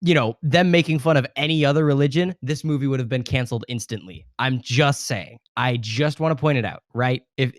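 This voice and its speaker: A man's voice: mid-range voice, brisk, hardly any pauses, no room sound, clean studio sound. A man co-hosting a film podcast, talking casually and earnestly, making his point through restarts and asides. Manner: earnest, argumentative, full of restarts. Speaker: podcast co-host.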